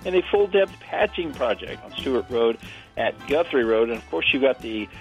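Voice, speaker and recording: A man's voice: mid-range voice, animated, moderate pace, soft background music, rough recording. Friendly guest man on local radio. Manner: friendly, laughs often. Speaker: regular guest. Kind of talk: casual radio chat.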